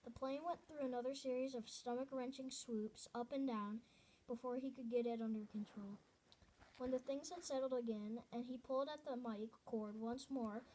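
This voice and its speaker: A woman reads a novel aloud in a fairly high voice. Her delivery is earnest and unpolished, and she often stumbles, restarts and corrects herself mid-sentence. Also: warm tone, slight background noise. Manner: earnest reading with frequent restarts and self-corrections. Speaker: reader.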